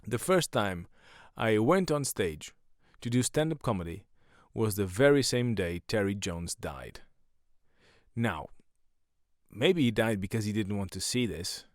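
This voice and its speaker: A man's voice: on the low side, lively intonation, a little slow, dry recording, clean studio sound. A man, a stand-up comedian and podcast host, talking in a rambling casual monologue full of swearing and self-mocking jokes.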